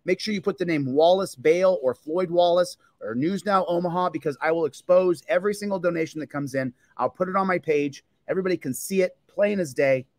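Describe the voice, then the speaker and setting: A man's voice: high voice, fairly quick, hardly any pauses, dry recording. A man hosting a livestream, ranting angrily and repetitively at a police department, fired up and confrontational. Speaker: livestream host and police auditor. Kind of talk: angry livestream rant.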